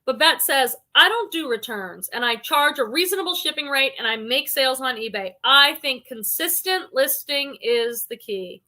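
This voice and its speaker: A woman's voice: sits high, animated, moderate pace, hardly any pauses, bright, forceful tone. A woman hosting a casual livestream, chatting freely with lots of "like" and "um" and reading viewer comments aloud. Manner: frequent "like" and "um" fillers. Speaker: reseller livestream host.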